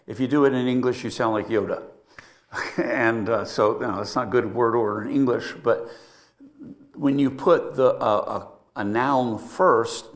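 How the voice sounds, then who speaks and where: Guy pastor doing a bible study, chatty, lots of uhs and restarts, mid-pitch voice. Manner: conversational teaching with frequent fillers and restarts.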